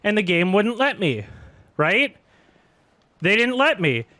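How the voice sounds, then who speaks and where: A man ranting over his gameplay on a live stream, exasperated and sweary, breaking into laughter as he goes. His voice sits a bit high and comes across bright and sharp. The sound is dry, with no room around it. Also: very animated, takes it slowly, dry recording. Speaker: game streamer. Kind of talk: ranting live-stream commentary while gaming.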